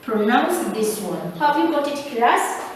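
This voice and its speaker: Slow, high-voiced teacher drilling phonics. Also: female voice, big pitch swings, a little hiss or hum. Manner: slow, drilling, repeats sounds for pupils. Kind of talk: classroom phonics lesson. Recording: echoey room, mic far off.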